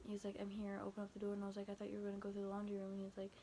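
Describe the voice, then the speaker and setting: A young woman recounts a frightening night in a loose, rambling storytime, forever quoting what was said with "I was like." Her voice stays flat in pitch and has a gravelly fry. A faint ambient hiss sits behind her. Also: very fast. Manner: quotes texts with constant "I was like", "he's like"; rambling, filler-heavy, frequent restarts. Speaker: vlogger. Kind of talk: casual storytime retelling.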